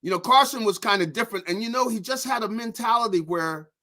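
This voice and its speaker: A man's voice: sits high, fast, bright, forceful tone. A man speaking as a guest football analyst in a casual, rambling way with many restarts. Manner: rambling, lots of restarts and "you know". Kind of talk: casual sports talk.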